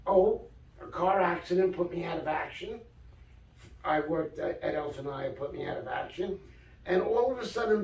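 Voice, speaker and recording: Older New man, high voice, animated storyteller, off-mic in an echoey room. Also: distant mic. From Brooklyn, New York. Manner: animated storyteller, acts out quoted dialogue. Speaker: guest author. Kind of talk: casual storytelling interview.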